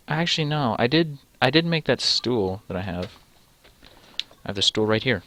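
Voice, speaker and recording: A man's voice: mid-range voice, animated, normal speed, a bit bright. A man reading a text adventure game aloud and adding dry, sarcastic asides. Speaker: let's play gamer.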